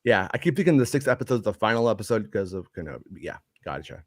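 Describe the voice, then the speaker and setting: A man's voice: on the low side, big pitch swings, fast. A man co-hosting a casual podcast, reading viewer comments and answering in a loose, swearing, filler-heavy way. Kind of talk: casual chat.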